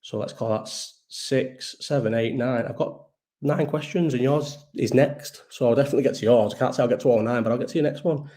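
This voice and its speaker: A man's voice: mid-range voice, fairly quick, dark tone. A tired man, hosting a live chat in a rambling casual way, swearing often and trailing off mid-sentence. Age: 30s.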